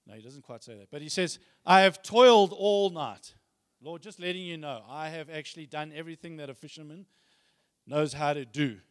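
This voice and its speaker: A man's voice: on the high side, a little fast, clean studio sound. A man preaching a sermon, retelling scripture casually in everyday words and reading passages aloud with rising force. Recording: long hall reverb.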